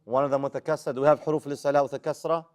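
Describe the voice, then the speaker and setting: A man's voice: fairly high pitch, steady tone, rapid-fire, darkish tone. Man drilling a tajweed class. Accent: American English. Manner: drills students with call-and-response questions; recites Arabic letters and verses. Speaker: Quran tajweed teacher. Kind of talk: live classroom lesson.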